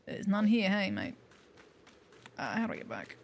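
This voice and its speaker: A woman's voice: mid-range voice, very animated, moderate pace, vocal fry, faint music behind. A woman streaming a video game, chatting casually, thanking viewers and making wry asides. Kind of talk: casual livestream commentary.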